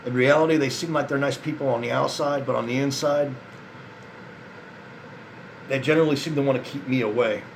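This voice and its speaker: With a steady, mid-range voice that's fairly quick and edged with vocal fry, an exhausted man delivers a casual to-camera monologue to his male viewers. He drifts between thoughts, swears frequently and leaves long pauses, sounding frustrated, let down and resigned, while a faint hiss or hum sits underneath.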